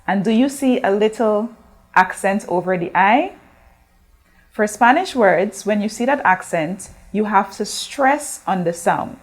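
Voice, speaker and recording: Slow, patient woman teaching a lesson. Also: mid-range voice, lively intonation. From Guyana. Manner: slow, drawn-out modeling of words for repetition; patient, instructive, asks questions to the class. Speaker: Spanish teacher. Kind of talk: recorded classroom lesson.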